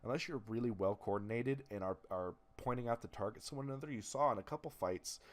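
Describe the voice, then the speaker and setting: A man's voice: medium pitch, quick pace. A man giving casual, analytical commentary over video game footage, often restarting and filling with "uh.". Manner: analytical, lots of restarts and fillers. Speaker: gameplay commentator.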